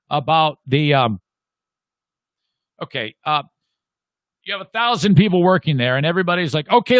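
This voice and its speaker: A middle-aged male host rants bluntly and swears freely, his voice sitting fairly high for a man. The sound is close and dry, with no room around it. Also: a bit bright, no room sound. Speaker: radio show host. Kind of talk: profane ranting commentary.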